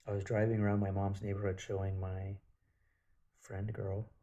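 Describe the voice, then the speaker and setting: A man's voice: on the low side, level tone, normal speed, dark tone, highs cut off. A man telling stories in a rambling, casual monologue, swearing freely. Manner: rambling, profane storytelling.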